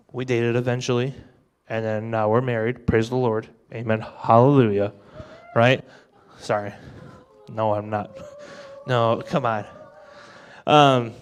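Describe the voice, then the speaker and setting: A man in his twenties preaching an energetic youth sermon. He talks in an animated, joking way and acts out the thoughts he quotes. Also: on the high side. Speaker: youth pastor.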